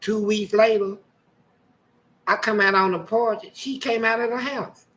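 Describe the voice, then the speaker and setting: An older man, telling colorful stories from his past in a casual, animated way. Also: sits high, a little slow, pauses often, rough recording. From Louisville, Kentucky. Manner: animated, colorful, acting out voices. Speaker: storyteller guest. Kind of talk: casual storytelling.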